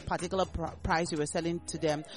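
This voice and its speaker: Nigerian-accented man, radio host, chatty, animated, faint music behind. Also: on the high side, fast talker. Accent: Nigerian English. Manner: chatty, animated, repeats phrases. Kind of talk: casual morning radio chat.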